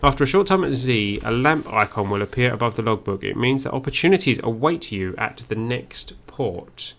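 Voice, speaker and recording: Gravelly man musing through a game. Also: mid-range voice, animated, moderate pace, a bit bright. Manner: musing, reads on-screen text aloud. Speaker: game streamer. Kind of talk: first-play commentary.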